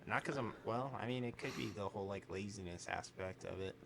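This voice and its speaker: A man co-hosting a podcast in casual chat, telling animated stories, acting out quotes and swearing freely. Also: lowish voice, a little fast, gravelly, heavy background noise. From United States. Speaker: podcast co-host.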